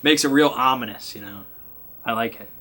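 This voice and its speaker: A man's voice: mid-range voice, moderate pace, pushed and bright, a little hiss or hum. A man acting as game master, casually recapping a tabletop game session in a chatty way. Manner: chatty, acts out sound effects and lines, laughs.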